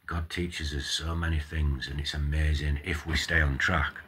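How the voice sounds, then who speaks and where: A man's voice: extremely low pitch, fairly even intonation, normal speed, few pauses, fairly bright tone, breathy edge. A man, vlogging a casual reaction and ranting with plenty of swearing.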